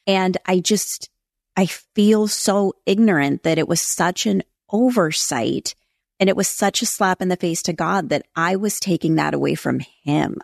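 Give me a middle-aged woman with a low gravelly voice telling a personal story, close and dry. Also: darkish tone, no echo. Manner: earnest, confessional, emphatic. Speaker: podcast host. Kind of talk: personal testimony talk.

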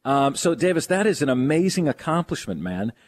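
On a sports radio show, a male host interviews a guest in a quick, sing-song voice. He's enthusiastic and joking, and his pitch swings widely.

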